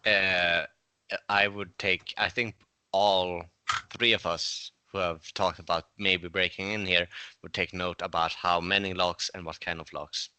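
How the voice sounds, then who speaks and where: Deep-voiced casual man gamer. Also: little pitch movement, measured pace, bright, forceful tone, clear, resonant tone, no room sound. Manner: casual, rambling, swears. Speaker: player. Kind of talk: playing a tabletop game.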